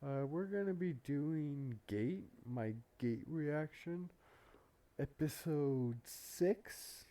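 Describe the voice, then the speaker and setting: A man hosting a reaction video talks slowly and unhurriedly, with a very dark, mellow tone. His commentary is loose and rambling, full of fillers and the odd curse word. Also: fairly high pitch, expressive. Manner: rambling, filler-heavy, profane. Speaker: anime reaction channel host.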